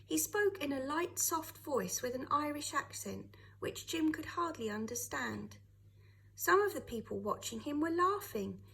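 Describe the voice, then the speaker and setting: Teacher lady reading a kids' book out loud, high voice, very lively. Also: vocal fry, low-quality recording. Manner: expressive, animated storytelling. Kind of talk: reading a children's novel aloud.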